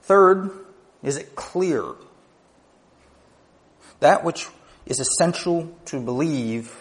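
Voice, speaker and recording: A man's voice: on the high side, animated, very slow. A male pastor delivering a sermon, teaching in numbered points and rising to emphatic peaks.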